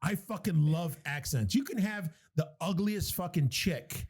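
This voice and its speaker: A man's voice: high voice, a little slow, slightly rough. A man co-hosting a casual podcast chat, talking with lots of swearing and frequent laughter. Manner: animated, profane, laughing often. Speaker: podcast co-host.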